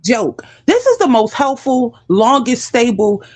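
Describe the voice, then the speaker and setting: A woman's voice: a little high, sing-song, a little slow, a little mellow, no echo. Brash, playful woman guest. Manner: brash, playful, hypes the audience. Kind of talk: casual panel chat.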